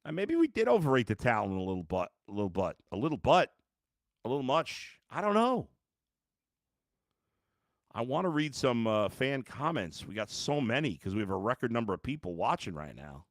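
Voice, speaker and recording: Reading out fan comments on his live sports podcast, a tired, frustrated man reacts bluntly and swears along the way. His medium-pitched voice swings widely in pitch at a normal speed. The recording is dry, with clean studio sound.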